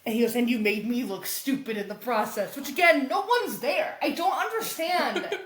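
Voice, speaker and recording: High-voiced woman animatedly recapping comics. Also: normal speed. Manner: animated, laughing, acts out quotes. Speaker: podcast co-host. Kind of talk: casual chat recapping comics. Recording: echoey room.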